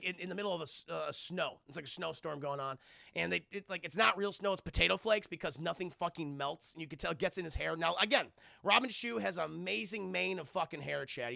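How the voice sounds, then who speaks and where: A young man streaming a casual, profane, animated film recap to his chat. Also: high-pitched, gravelly, no room sound, studio quality. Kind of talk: casual live-stream commentary.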